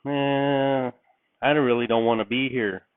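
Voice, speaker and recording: A man's voice: medium pitch, steady tone, a little slow, smooth, dry recording, close to an everyday voice. A man voicing a bored, sulky teenage girl who complains in a dismissive, whiny way. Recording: tinny, phone-like, dry sound.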